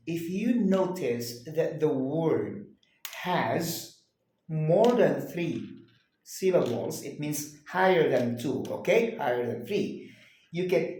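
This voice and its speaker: A man's voice: fairly high pitch, darkish tone. Male tutor, patient question-and-answer drilling; roomy echo. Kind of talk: one-on-one grammar lesson. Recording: very echoey room.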